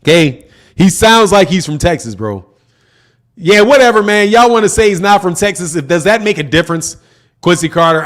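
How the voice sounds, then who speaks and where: A man's voice: sits high, a bit bright. A man hosting a boxing channel, chatting casually on a livestream with lots of slang and frequent laughter. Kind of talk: casual livestream chat reading comments.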